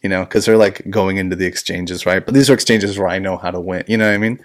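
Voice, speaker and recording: A man's voice: low voice, steady tone, quick pace. A man hosting a casual podcast chat as a jiu-jitsu instructor, rambling, swearing and laughing often.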